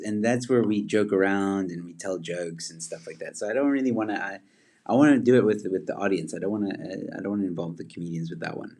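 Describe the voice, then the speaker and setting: A man with a deep voice hosts a casual livestream, chatting loosely with viewers. He rambles, trails off and restarts, filling gaps with lots of ums. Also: darkish tone. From Zimbabwe. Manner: rambling, many fillers and restarts. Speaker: livestream host. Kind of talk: casual livestream chat reading viewer comments.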